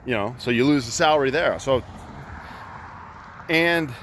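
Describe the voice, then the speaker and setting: A man's voice: mid-range voice, measured pace, fairly bright tone, a little hiss or hum. A middle-aged man, a coach, telling a heated story in blunt, profane talk while out on a walk. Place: outdoors by a road.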